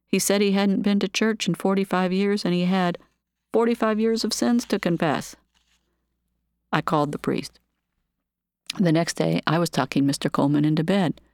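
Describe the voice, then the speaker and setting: A woman calmly reading her own memoir of work as a nurse, with measured, even storytelling. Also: fairly low pitch, clear, resonant tone, no echo, studio quality.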